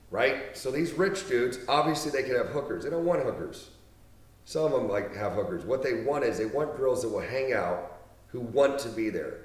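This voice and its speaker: A man in his thirties talks bluntly and swears freely in a casual storytelling monologue, hammering his points home through repetition. His mid-range voice sits a little back from the mic, and the room adds a noticeable echo. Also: medium pitch. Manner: blunt and profane, with emphatic repetition. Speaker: business speaker. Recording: roomy, mic at a distance.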